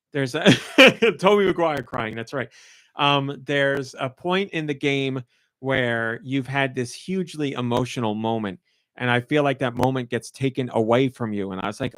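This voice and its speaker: A man talking casually on a podcast, medium-pitched and effusive, tripping over himself with "like" and false starts. His voice is dry and close, with no room sound. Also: a little slow, a bit bright, no echo. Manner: rambling and effusive, heavy use of "like". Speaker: podcast co-host and game reviewer.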